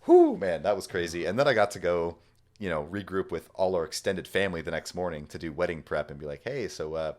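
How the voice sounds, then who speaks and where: Young male podcast co-host, low voice, lively storyteller who acts out the lines. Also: fast talker. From Washington state, US. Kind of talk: casual storytelling.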